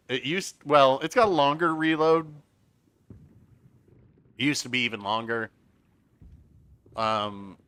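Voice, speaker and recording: Bright-voiced chatty male game streamer. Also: medium pitch, clear, resonant tone, dry recording. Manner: chatty, reads out chat, explains game mechanics. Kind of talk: casual live-stream commentary.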